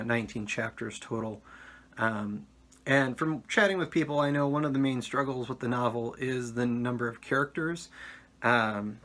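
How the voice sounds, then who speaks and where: A man's voice: medium pitch, a bit bright. Rambling man with constant filler words. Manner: rambling with frequent ums and uhs. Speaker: author. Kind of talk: casual talk to camera.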